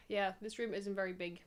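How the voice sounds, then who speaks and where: A young woman streamer chatting casually and rambling from a small home office, poking fun at herself. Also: medium pitch. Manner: rambling, chatty, self-mocking. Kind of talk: casual live-stream chat.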